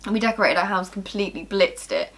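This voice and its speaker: A woman's voice: mid-range voice, expressive, fast talker, fairly bright tone. A young woman, chatting casually on a vlog, giggling and trailing off with ums. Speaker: vlogger. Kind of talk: casual chat.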